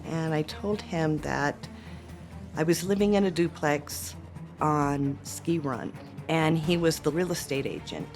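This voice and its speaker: Low-voiced woman recounting a frightening date. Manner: halting, animated retelling with quoted dialogue. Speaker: interviewee, former girlfriend. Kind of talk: interview testimony.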